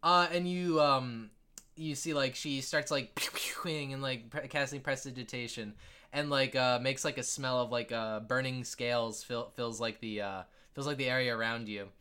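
A man's voice: mid-range voice, fairly even intonation, normal speed, sharp tone, clear, resonant tone. A man narrating as game master, rambling with many fillers and jumping into character voices.

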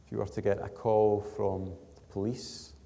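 A man preaching a sermon as pastor, his voice slightly strained, earnest and building to emphatic peaks before dropping soft. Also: lowish voice, level tone, moderate pace, creaky, big-room sound. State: struggling voice. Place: church.

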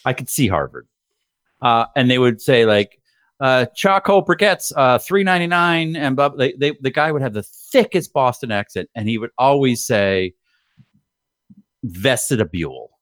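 A man co-hosting a casual podcast, telling stories in an animated, teasing way. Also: medium pitch, moderate pace, no room sound, clean studio sound. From studied in Massachusetts, lives in California. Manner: animated, mocking storyteller. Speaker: podcast co-host. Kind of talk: casual banter.

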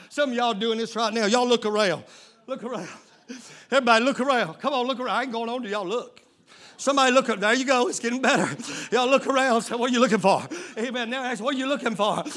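A man's voice: very high-pitched, sharp tone. A man preaching a fervent sermon as lead pastor, calling out to his congregation in a church sanctuary. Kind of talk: shouting sermon.

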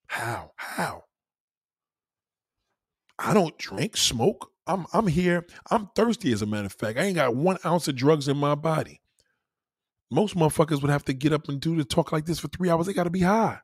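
A man's voice: on the high side, animated, moderate pace, slightly rough, dry recording. Profane man ranting, dry close sound. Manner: profane, emphatic, full of rhetorical questions. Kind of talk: ranting monologue.

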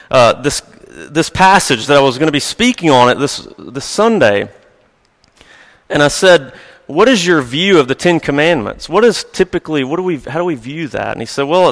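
A man's voice: mid-range voice, fairly bright tone. A male pastor giving a sermon in a conversational, storytelling way with light chuckles, recorded in a church sanctuary. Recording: long reverb of a large hall.

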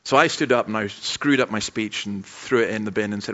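A man's voice: lowish voice, lively intonation, fast talker, hardly any pauses, a bit bright, lo-fi sound. A man pastor delivering a sermon with humorous, anecdotal storytelling.

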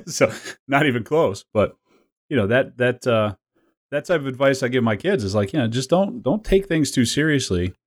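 A man's voice: medium pitch, animated, normal speed. A man in his forties, co-hosting a podcast in casual, rambling chat, joking and laughing often. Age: 40s. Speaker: podcast co-host.

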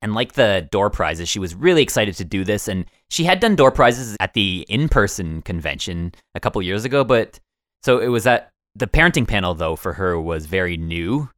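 A man's voice: lowish voice, very animated, normal speed, fairly bright tone, no echo, clean studio sound. A man co-hosting a podcast, chatting casually in an easygoing way. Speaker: podcast co-host. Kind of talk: casual recap chat.

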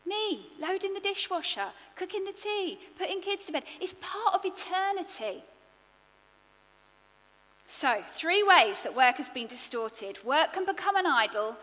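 A woman preaching a sermon, earnest and expressive, building her points in rhythmic lists. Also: high-pitched, measured pace, long reverb tail.

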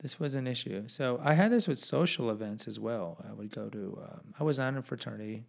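Gravelly man telling candid personal stories. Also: medium pitch, lively intonation, fairly quick. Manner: candid and self-deprecating, with frequent restarts and asides. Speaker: podcast host reading and commenting on his own memoir. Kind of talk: casual personal storytelling.

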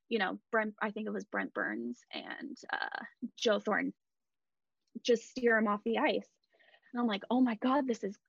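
A woman retelling a night as a hockey fan, animated and emphatic, recorded dull and dry. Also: on the high side, no echo. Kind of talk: excited fan storytelling.

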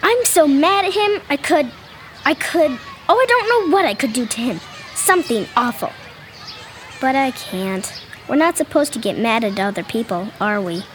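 A high, sulky young girl in a family audio drama. Her pitch leaps up and down as she pouts and whines. Faint background hiss sits under her lines. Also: expressive, moderate pace. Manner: pouty, whiny child voice.

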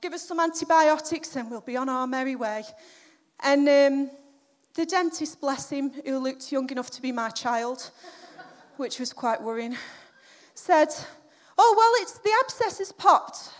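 A woman's voice: high-pitched, unhurried. A middle-aged woman giving a chatty, self-deprecating sermon built around a personal story, acting out the quotes. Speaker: preacher.

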